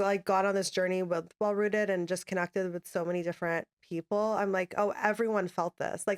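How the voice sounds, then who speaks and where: A woman's voice: mid-range voice, no room sound, clean studio sound. A woman hosting a podcast who asks her questions in a casual, chatty way and uses many fillers. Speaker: podcast host. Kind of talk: casual interview.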